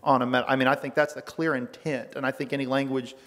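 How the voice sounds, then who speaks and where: A man's voice: medium pitch, level tone, fast talker, fairly bright tone. Man pressing a point in an echoing hearing room. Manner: pressing, argumentative, repeats words when restarting. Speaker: state legislator questioning a witness. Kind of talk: committee hearing questioning. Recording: long reverb of a hearing room.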